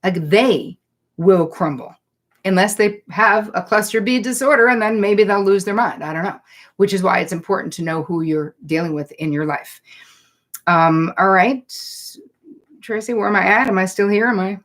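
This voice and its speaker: A woman's voice: medium pitch, normal speed, fairly bright tone. A woman psychotherapist hosting a live online Q&A, talking in a chatty, direct way and reading viewer comments aloud. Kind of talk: live-streamed Q&A, casual and direct.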